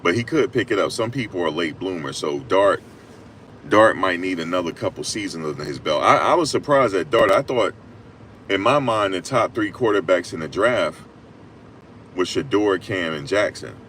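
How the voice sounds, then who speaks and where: A man giving casual, emphatic sports talk on a live stream, repeating his points and rising to loud peaks. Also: deep voice, lively intonation, moderate pace, slight background noise. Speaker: sports commentator.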